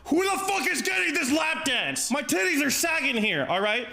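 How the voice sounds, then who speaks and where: A man's voice: very high-pitched, unhurried, clean tone, voice pushed up. A man putting on the voice of an irritated, brash adult female stripper while retelling a story. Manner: loud, brash shouting.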